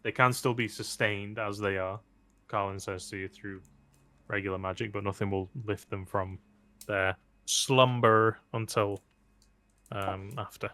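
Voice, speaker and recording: A man narrating a tabletop game as game master, relaxed and joking, with many fillers. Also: on the low side, a little slow.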